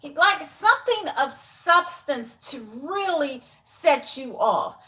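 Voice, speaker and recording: A woman's voice: sits high, expressive, slow pace, pushed and bright. A woman in her forties giving casual commentary, exasperated and sarcastic, dropping into muttered asides. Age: 40s. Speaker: YouTube commentator.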